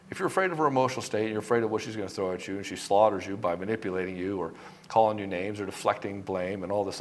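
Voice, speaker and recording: A man coaching other men on relationships in a quick, pressing delivery. His voice sits on the low side, and his talk is blunt, emphatic and sprinkled with curses. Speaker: dating coach. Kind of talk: direct-to-camera advice monologue.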